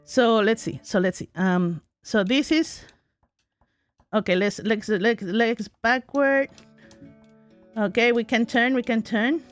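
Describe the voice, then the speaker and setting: A woman doing let's play commentary, excitable, talking to herself with shrieks and laughs. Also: fairly high pitch, takes it slowly, long pauses, soft background music. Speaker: gaming streamer.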